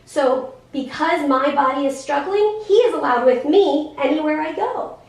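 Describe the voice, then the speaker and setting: A woman in her thirties explaining things to a class of children, in an animated, sing-song, teacherly way with many questions. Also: sits high, moderate pace. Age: 30s. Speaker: guest speaker in a special education class. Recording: echoey classroom, voice from far off.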